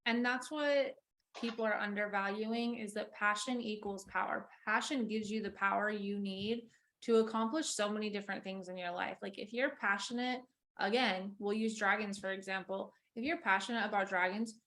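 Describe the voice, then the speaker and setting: A woman's voice: mid-range voice, fairly even intonation, moderate pace, fairly bright tone. A woman co-hosting a podcast, talking bluntly and emphatically in casual chat, swearing for stress. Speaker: podcast co-host.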